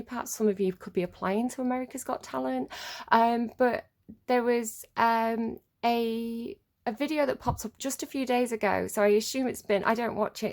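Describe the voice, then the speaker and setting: This is a young woman, talking through a casual tarot reading. Her voice sits slightly high. She meanders and chats in a relaxed way, filling the gaps with plenty of ums and likes. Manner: rambling and chatty, many filler words. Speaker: tarot reader.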